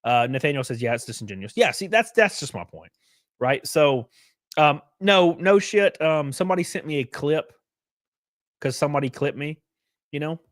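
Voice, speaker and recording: A man's voice: on the high side, moderate pace, no room sound, clean studio sound. A young man hosting a livestream, commenting casually, swearing freely, laughing often and thanking donors by name. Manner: animated, profane, laughs often. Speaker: livestream host.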